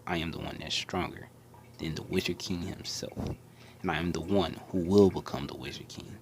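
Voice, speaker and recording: A man's voice: moderate pace, noisy background, natural voice. A man voicing an arrogant young male magic hero who declares he is above everyone. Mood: boastful. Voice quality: deeper, loud declaring.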